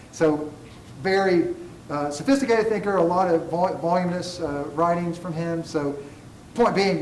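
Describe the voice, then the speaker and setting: A man's voice: on the high side, a little mellow, far from the mic, slight background noise. Man lecturing in an echoey classroom. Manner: digressive, self-deprecating humor. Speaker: college ethics instructor.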